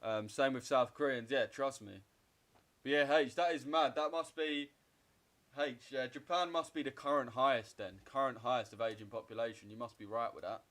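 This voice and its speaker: A young man in his twenties speaks with an average-pitched voice. He rambles in loose, swear-heavy banter as he trades live and answers his viewers' chat. The delivery is offhand and conversational. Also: fairly even intonation, normal speed, fairly bright tone. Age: 20s. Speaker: trading streamer. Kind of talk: casual livestream chat while trading.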